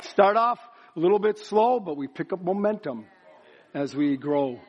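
A man's voice: high voice, lively intonation, moderate pace, lo-fi sound, slight background noise. A man preaching a sermon at a church service, building up to emphatic repeated phrases. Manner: builds to emphatic chanted repetition.

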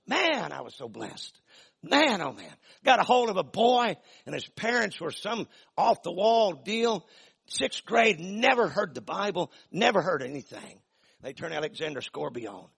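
An older man preaches in a folksy, emphatic style, stretching some phrases out and punching others loud. His voice is gravelly and a bit husky, pitched somewhat high for a man. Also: very animated, unhurried. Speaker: pastor. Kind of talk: sermon.

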